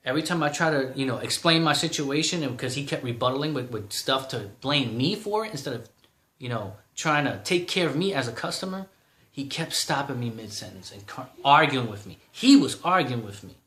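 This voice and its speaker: A man's voice: on the high side, animated, a little fast, fairly bright tone, echoey room. A man in his thirties ranting in a vlog, heated and exasperated, repeating himself. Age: 30s. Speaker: vlogger.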